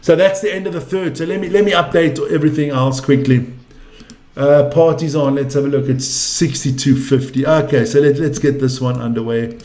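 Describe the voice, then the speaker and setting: A man streaming live basketball commentary, fed up and ranting with plenty of swearing. His voice sits slightly high, and the room around him rings with echo. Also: normal speed, darkish tone. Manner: exasperated, ranting, swears freely. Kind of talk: casual profane live commentary. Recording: echoey room.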